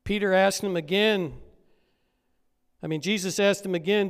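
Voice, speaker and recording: A pastor preaching a sermon, retelling a story and building up to loud, emphatic peaks. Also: male voice, high voice, fairly even intonation, unhurried, clear, resonant tone, long reverb tail.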